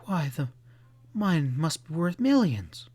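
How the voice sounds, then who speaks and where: A man's voice: big pitch swings, slow pace, a little mellow, full character voice. A man doing a cool-headed young woman. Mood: determined. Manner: raised pitch for a young woman.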